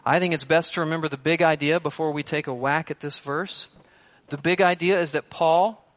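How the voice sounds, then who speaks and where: A man preaching an expository sermon, emphatic and shifting between loud stresses and hushed words. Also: high-pitched.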